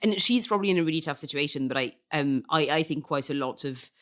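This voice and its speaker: Woman, non-native English, low voice, chatty political podcast co-host, laughs easily. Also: lively intonation, quick pace, fairly bright tone. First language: not English. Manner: chatty, laughs often, self-deprecating. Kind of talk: casual political chat.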